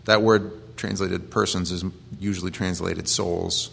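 A man's voice: deep voice, steady tone, unhurried, vocal fry, fairly bright tone, a little hiss or hum. A man preaching a conversational sermon, earnest and plain-spoken as he quotes and explains scripture.

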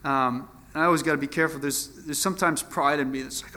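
Bright-voiced man preaching casually. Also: fairly high pitch, steady tone, fast. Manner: conversational, folksy preaching with fillers. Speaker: pastor. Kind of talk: sermon.

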